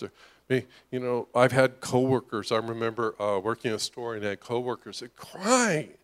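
A man's voice: mid-range voice, big pitch swings, normal speed. A middle-aged man preaching a conversational sermon, often asking "right?" and acting out the voices of the people he describes. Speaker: pastor.

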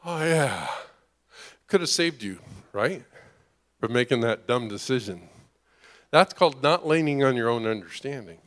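A man's voice: medium pitch, animated, a little slow, long pauses, fairly bright tone. A middle-aged man preaching a conversational sermon, often asking "right?" and acting out the voices of the people he describes. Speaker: pastor.

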